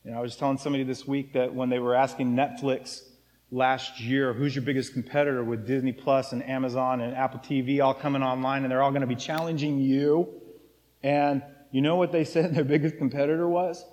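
A man's voice: medium pitch, little pitch movement, a little fast, a little mellow, big-room sound. A man preaching a casual, joking sermon as pastor of a church. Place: church sanctuary.

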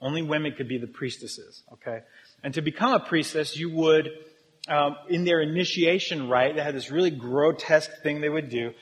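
A man delivers a sermon in a relaxed, humorous manner, polling and teasing the people in front of him. His voice sits a little high for a man. It rings out with the long echo of a large church hall. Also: normal speed. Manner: casual, joking, talks with the congregation. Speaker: pastor.

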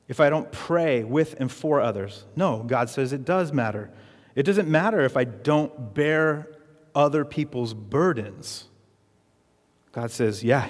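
A man preaching a sermon as pastor, emphatic and repetitive, leading the congregation in call-and-response. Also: mid-range voice. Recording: reverberant hall.

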